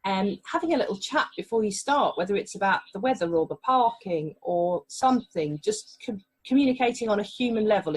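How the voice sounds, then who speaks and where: Woman, breathy, lowish voice, family mediator, calm reassuring explanations, podcast interview. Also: low-quality recording.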